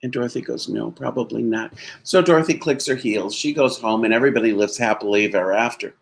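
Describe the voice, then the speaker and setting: A man's voice: mid-range voice, fast talker. A man giving a sermon as a minister, telling a story conversationally and laughing now and then.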